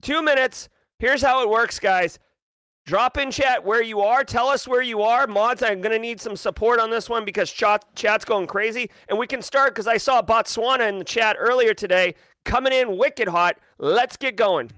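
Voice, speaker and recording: A man hosting a live show, talking with high energy and rapidly shouting out viewers. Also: no room sound. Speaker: livestream host. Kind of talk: hyped-up live show chat. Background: hip hop music.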